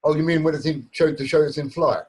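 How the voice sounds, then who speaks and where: A man's voice: on the high side, fast talker, a little mellow, husky. A man co-hosting a casual podcast chat, hesitant and often searching for words. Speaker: podcast co-host.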